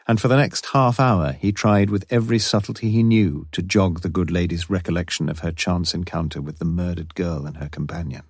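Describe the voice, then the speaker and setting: Low, husky male audiobook narrator. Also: a little mellow, no echo, studio quality. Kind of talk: scripted narration.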